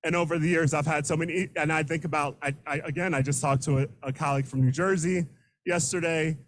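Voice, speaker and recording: A middle-aged man, a teacher, giving an unscripted, emotional acceptance speech into a handheld microphone, halting and repeating words. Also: fairly high pitch, steady tone, a little hiss or hum, rough recording. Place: room full of students and colleagues.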